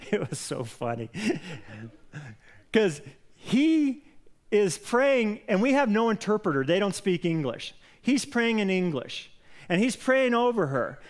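A man preaching a sermon as a pastor, telling a story with lively, animated delivery that grows loud when he quotes a prayer. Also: high-pitched. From Colorado. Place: church sanctuary.

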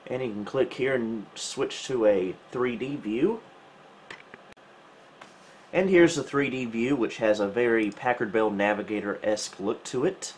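A man hosting a retro computer channel, giving casual gameplay commentary with relaxed, wry, self-mocking asides. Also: mid-range voice, measured pace, slight background noise.

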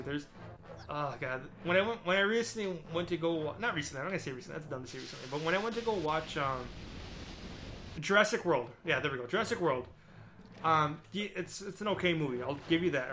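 A young man with a high, bright voice rambles over his gameplay. He rants in an exasperated way, trips over his restarts and swears freely. Game music runs faintly underneath. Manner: ranting, exasperated, full of restarts and profanity. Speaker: gaming video host.

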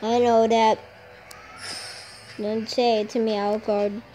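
A woman's voice: fairly high pitch, little pitch movement, slow pace, warm tone, soft background music. A woman commentating her own game match, trash-talking and complaining about lag with frequent swearing. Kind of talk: gameplay commentary.

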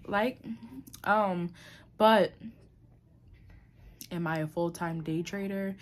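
Young woman vlogger, low-pitched and candid, reflective, slips into emotion, lots of ums and restarts. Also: slow, pauses often. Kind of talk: candid personal vlog. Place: New York City.

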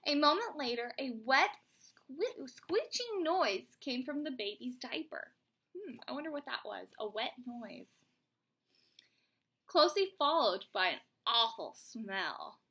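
A young woman, a teacher at home, reading a storybook aloud to her child with animated, chatty asides. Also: sits high, unhurried, husky.

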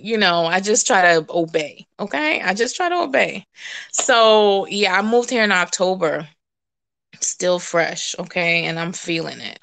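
A woman sharing a casual, animated testimony, laughing and jumping to high exclamations. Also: smooth. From West Indian. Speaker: prophetic preacher.

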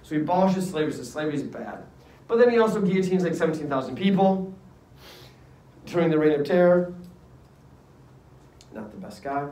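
A male history teacher telling a lively classroom story in casual slang, acting out voices. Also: a little high, brisk, pauses often. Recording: echoey room, distant mic.

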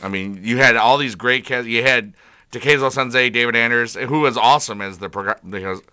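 A man's voice: medium pitch, brisk, bright, forceful tone, clean tone, no echo. A man giving a casual, rambling video review of a TV episode, frustrated and full of fillers.

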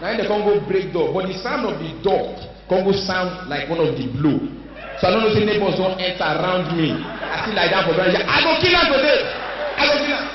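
A man with a Nigerian accent telling a stand-up story, animated and loud at times. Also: sits high, fairly quick, highs cut off. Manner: animated, loud comic shouting. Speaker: stand-up comedian. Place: large live venue. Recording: echoey live hall from far off.

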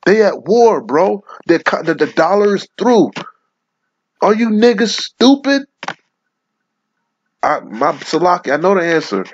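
A man's voice: on the high side, animated, moderate pace, few pauses, slightly rough. Guy ranting bible verses all heated and cussing, kinda dull lo-fi audio. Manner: profane, heated, reads scripture aloud and lectures. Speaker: religious commentator. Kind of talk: angry preaching rant. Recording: lo-fi muffled audio.

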